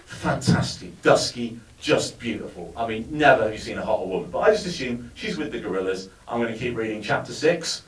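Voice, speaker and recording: A man's voice: medium pitch, lively intonation, brisk, hardly any pauses. Man doing stand-up in a roomy venue. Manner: wry, storytelling, building to punchlines. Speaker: stand-up comedian. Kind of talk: stand-up comedy set. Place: live comedy venue with audience. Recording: roomy sound, mic far from speaker.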